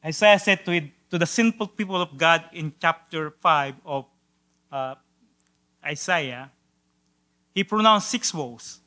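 A man preaching a sermon, swinging from hushed, low passages to loud, drawn-out exclamations, with occasional stumbles and repeated words. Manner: drawn-out emphatic quotations. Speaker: pastor.

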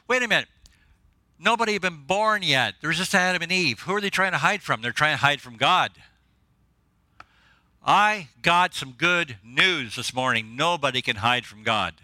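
A man preaching a sermon as a visiting preacher, excitable and joking, often laughing at his own lines in church. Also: fairly high pitch, no room sound. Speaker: guest preacher.

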